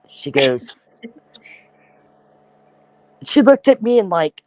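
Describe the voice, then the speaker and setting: A woman's voice: medium pitch, big pitch swings, takes it slowly, pauses often, darkish tone, dry recording, poor audio. A woman from Iowa telling a family story in casual chat, acting out the voices of the people she quotes. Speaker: podcast host.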